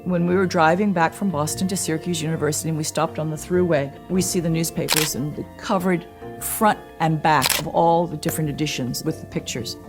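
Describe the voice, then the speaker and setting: A woman's voice: deep voice, brisk, music in the background. An older woman in an archival interview, telling stories from her own life and acting out the voices of people she quotes. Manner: animated, acts out quoted voices. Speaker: interviewee recalling her past.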